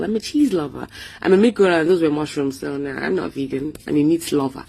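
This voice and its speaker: A Nigerian woman with a Nigerian accent and a low, husky voice gives a casual vlog voice-over. She is playful and chatty, pokes fun at herself and drifts into pidgin phrases. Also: darkish tone. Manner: playful, chatty, self-mocking, slips into pidgin. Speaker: food vlogger.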